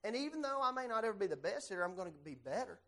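A man teaching a church Bible class, animated and putting questions straight to the class. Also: high-pitched, very fast.

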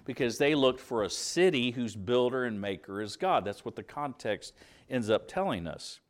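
A man's voice: medium pitch, animated, normal speed. A man from southern Indiana preaching a sermon, earnest and conversational, with fillers and restarts. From southern Indiana, USA.

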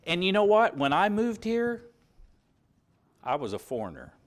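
A man's voice: high voice, huge pitch swings, a little slow. A man from southern Indiana preaching a sermon, earnest and conversational, with fillers and restarts. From southern Indiana, USA.

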